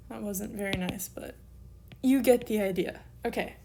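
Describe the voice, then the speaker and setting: A woman's voice: mid-range voice, measured pace, vocal fry, mellow, slight background noise. A woman recording an online lesson, patiently spelling out letters one at a time as she explains. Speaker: teacher.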